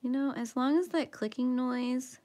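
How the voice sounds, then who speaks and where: A woman's voice: high-pitched, fairly even intonation, moderate pace, a little mellow. A woman hosting a coloring livestream, chatting casually with viewers in a playful, self-mocking way and sometimes dropping to a whisper as she concentrates. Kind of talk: casual chat with live viewers.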